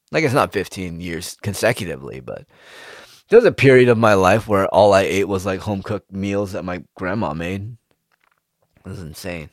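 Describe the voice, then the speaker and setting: A man, rambling in a casual, profane monologue with sudden jumps in pitch. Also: dry recording, studio quality.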